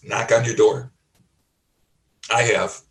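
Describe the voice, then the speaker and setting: A man teaching like a pastor, emphatic and repetitive, asking rhetorical questions and often adding "okay?", with frequent throat clearing. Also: medium pitch, flat delivery, takes it slowly, fairly bright tone. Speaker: pastor and life coach. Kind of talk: teaching sermon. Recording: roomy, from a distance.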